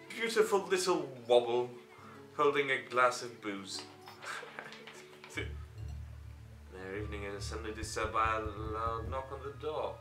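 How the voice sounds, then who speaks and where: A man's voice: a little high, measured pace, bright, forceful tone, reverberant, soft background music. A young man giving game commentary as a host, joking around, swearing and laughing often. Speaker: let's play host.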